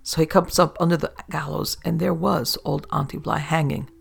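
A man narrating an old sailor's yarn aloud in a steady storytelling manner. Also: on the high side, normal speed, vocal fry, slightly rough.

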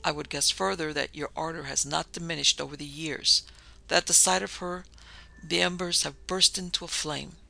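A man voicing a sinister, disfigured nobleman in an audiobook, speaking with measured, coldly polite menace. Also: on the high side, fairly even intonation, vocal fry, pushed and bright, faint music behind, heavily acted. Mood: menacing. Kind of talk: audiobook narration.

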